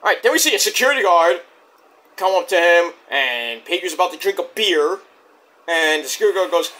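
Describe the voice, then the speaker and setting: A man with a high, lively voice recaps a wrestling show in a loose, profane play-by-play. His tone is bright and sharp, and he rambles and restarts often as he retells each segment. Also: a little fast. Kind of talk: casual recap review.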